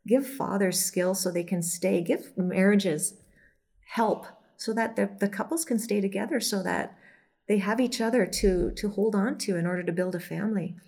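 A woman who runs a children's home, speaking earnestly in an interview with halting restarts. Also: mid-range voice, darkish tone.

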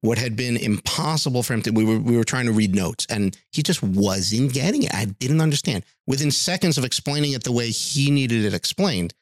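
A man's voice: mid-range voice, lively intonation, brisk, hardly any pauses, no echo, studio quality. A middle-aged man, a music teacher, telling stories in a podcast interview and acting out the voices of people he quotes.

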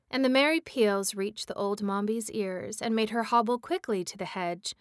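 A woman reading a storybook aloud, measured and expressive. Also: mid-range voice, no echo, studio quality. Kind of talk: storybook read-aloud narration.

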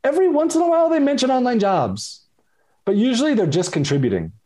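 A man speaking as a podcast guest about his business, candid and hesitant, pausing often to find his words. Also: very high voice, big pitch swings, mellow. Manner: candid, hesitant, many fillers and restarts. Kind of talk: casual interview chat.

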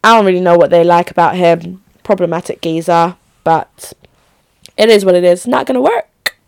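A woman's voice: moderate pace, vocal fry, smooth, no echo. Gossipy woman hosting a podcast. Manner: chatty, gossipy and opinionated, with lively pitch jumps. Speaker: podcast host. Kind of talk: casual solo podcast chat.

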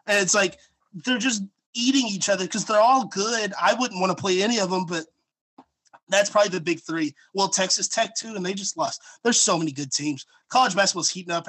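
A young man with a fairly high, husky voice talks basketball in a loose, rambling way. He gets excitable and leans on "like" and "uh" as he goes, casual podcast chatter. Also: poor audio. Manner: rambling, excitable, lots of fillers and likes. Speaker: sports podcast co-host. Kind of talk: casual sports talk.

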